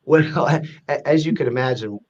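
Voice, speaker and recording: A man, a guest being interviewed, explaining his points in an earnest, measured way with frequent restarts. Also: medium pitch, a little mellow, muffled recording, slight background noise. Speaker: guest, president of an advocacy group. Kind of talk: podcast interview.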